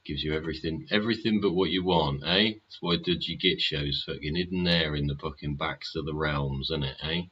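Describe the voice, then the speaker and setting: A man's voice: extremely low pitch, a little fast, hardly any pauses, fairly bright tone, slightly rough, dull audio. A man hosting a live stream, chatting casually and sardonically, swearing often and asking rhetorical questions. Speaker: livestream host.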